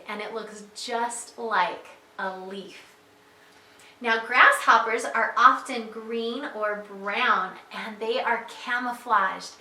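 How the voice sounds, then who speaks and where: A woman teaching an online preschool reading lesson, speaking slowly and clearly, guiding children word by word and asking them encouraging questions. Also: a little high, sharp tone, slight background noise. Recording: echoey room sound.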